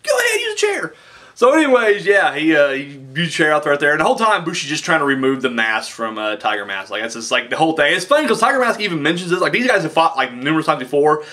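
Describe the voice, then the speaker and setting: A man's voice: on the high side, big pitch swings, rapid-fire, hardly any pauses, bright, forceful tone. A man casually reviewing a wrestling show, rambling and swearing, with lots of fillers and "dude.".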